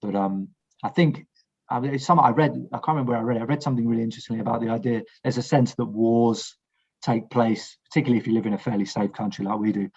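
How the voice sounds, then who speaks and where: Husky low-voiced man, frank podcast guest, dull lo-fi recording. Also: fairly even intonation, racing, darkish tone. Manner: frank, blunt, swears, restarts sentences. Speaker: war veteran guest. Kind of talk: casual podcast conversation.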